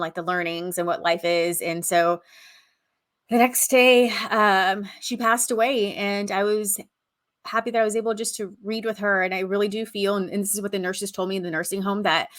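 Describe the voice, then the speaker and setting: A woman's voice: medium pitch, a bit bright. Chatty woman podcast host. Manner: chatty and effusive, many "like" fillers. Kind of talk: casual unscripted podcast talk.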